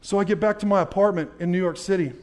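High-voiced man preaching his testimony. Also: fast talker. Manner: emphatic storyteller, addresses the audience directly with questions; swings from low and quiet to loud and fired up. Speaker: former pitcher giving a faith testimony talk. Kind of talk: testimony talk to a live audience.

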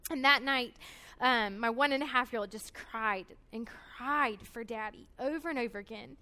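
A woman's voice: fairly high pitch, moderate pace, bright, forceful tone. A young woman giving an earnest, emotional personal testimony at a conference, with frequent hesitations. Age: 20s. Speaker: conference speaker.

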